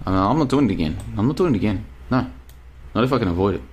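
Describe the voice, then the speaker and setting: An Australian man with a fairly low voice hosts a casual live stream and reads out viewers' messages. He talks in loose, rambling runs and hammers his points home by repeating them. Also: lively intonation, racing, breathy edge. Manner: rambling, emphatic, repeats himself. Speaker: podcast host reading live chat. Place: apartment in Bulgaria.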